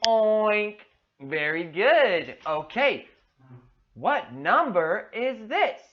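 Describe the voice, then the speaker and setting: Very slow, animated woman teacher. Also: on the high side, lo-fi sound. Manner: exaggerated, enthusiastic praise; slow, drawn-out words. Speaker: online English teacher. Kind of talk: demo lesson for a young child.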